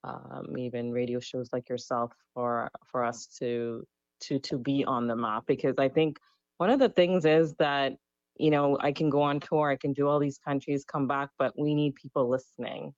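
A woman from Canada, a DJ and musician guest, speaking reflectively on a radio interview with many pauses and fillers. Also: very deep voice, fairly even intonation, a little mellow, no echo, highs cut off.

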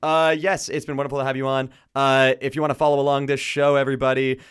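A man's voice: medium pitch, level tone, fast, fairly bright tone, smooth. A man hosting a campus radio show in the studio, chatting casually and laughing often. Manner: playful, laughing, jokey.

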